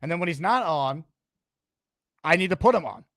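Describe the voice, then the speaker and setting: A man hosting a live stream with a voice a bit higher than most, recorded dry and close. He speaks upbeat and direct, reading out viewer comments and bringing in callers. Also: expressive, normal speed, a bit bright, no echo. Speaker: host.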